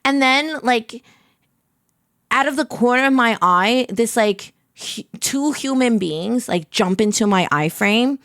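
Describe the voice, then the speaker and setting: A woman streamer in casual, rambling chat with her viewers, excitable and heavy on filler words. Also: a little high, takes it slowly, no echo, clean studio sound.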